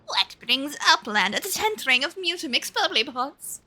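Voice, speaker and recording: Gal reading a little goblin guy with wonky grammar, high and bright. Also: sing-song, normal speed, heavily acted. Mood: earnest. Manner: speaks in broken, odd grammar. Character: small male goblin scholar, broken speech.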